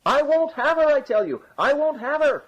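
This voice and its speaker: A man voicing a sly young rogue, wheedling and boastful, in a high voice. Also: very animated, moderate pace, slightly rough. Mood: bawling. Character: sly young Irish rogue, quick-tongued trickster. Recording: dull lo-fi recording.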